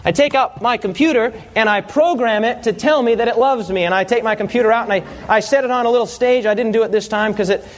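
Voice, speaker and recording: A man's voice: extremely high pitch, quick pace, few pauses. A man preaching a sermon to a congregation, telling stories with humor and asking the audience to answer back. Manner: animated storytelling with audience call-and-response.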